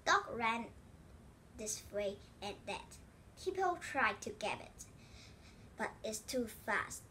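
Brief: woman reading a children's book aloud, slow and careful, lively pitch. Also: a little hiss or hum. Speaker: storybook reader.

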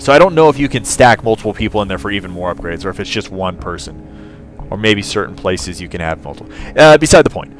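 Excitable man narrating his gameplay. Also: lowish voice, quick pace. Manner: chatty, excitable outbursts, talks to his crew. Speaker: let's play gamer. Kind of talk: casual gameplay commentary. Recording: game music behind voice.

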